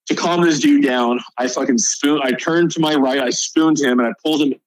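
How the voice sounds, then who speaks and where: Man, soldier guest, casual profane storytelling, mid-pitched voice, dry recording. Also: fairly quick, dry recording, rough recording. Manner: vivid, profane combat storytelling. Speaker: podcast guest, army soldier and author. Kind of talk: casual storytelling in a podcast interview.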